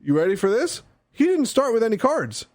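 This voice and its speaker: Animated young man with lively pitch. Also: a little fast, dry recording. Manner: animated, swearing, big laughs. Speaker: podcast co-host. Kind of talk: casual chat.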